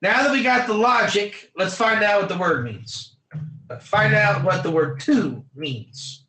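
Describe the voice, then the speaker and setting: A man's voice: sits high, expressive, measured pace, bright, forceful tone, reverberant, rough recording. A man, a rabbi, teaching an online class, acting out little scenes and calling on students to type their answers. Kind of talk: lively online Torah class.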